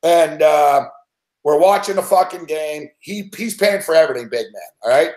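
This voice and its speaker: A middle-aged man spins a rambling story in casual chat, swearing every few words. His voice sits a little high for a man. The room around him rings with a noticeable echo. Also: moderate pace, darkish tone. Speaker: sports betting show regular. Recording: roomy echo.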